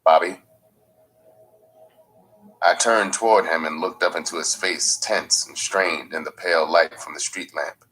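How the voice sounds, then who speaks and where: A man narrates a first-person memoir with slow, measured, gritty delivery. His voice sits very low and has a husky edge. Soft music plays faintly under the reading. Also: rough recording. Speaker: audiobook narrator.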